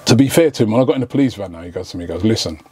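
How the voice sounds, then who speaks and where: A man's voice: fairly low pitch, animated, very fast, warm tone, husky. A man telling a story in casual chat, acting out quoted lines in slangy talk. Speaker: podcast guest.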